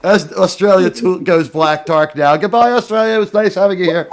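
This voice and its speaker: A man's voice: high voice, fairly quick, heavy background noise. A man hosting a casual chat, joking around, laughing often and slipping into silly put-on voices. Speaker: host.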